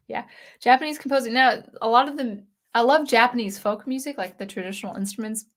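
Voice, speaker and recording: A woman's voice: on the high side, brisk. A woman hosting a casual livestream for a music channel, reading viewer comments and rambling with frequent restarts.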